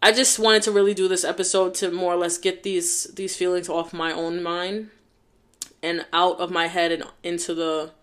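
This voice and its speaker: A woman's voice: on the low side, little pitch movement, normal speed. A young woman hosting a casual solo podcast, talking in a heartfelt, rambling way full of fillers. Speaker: podcast host.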